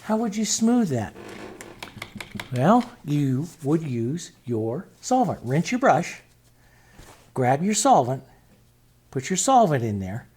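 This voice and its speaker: A man's voice: fairly high pitch, very animated, slow, long pauses, darkish tone, breathy edge. A middle-aged man teaching acrylic painting as he works, talking it through in a chatty way and often asking "see?". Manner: chatty, thinks aloud, asks "see?" often. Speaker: painting instructor. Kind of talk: demonstrating while painting.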